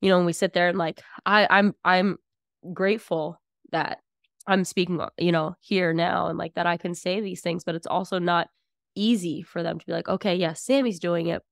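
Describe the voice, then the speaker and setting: A young woman talking casually as a podcast guest, outspoken and animated, telling stories with lots of fillers. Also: on the low side, normal speed, vocal fry, no echo, clean studio sound. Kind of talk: casual conversation.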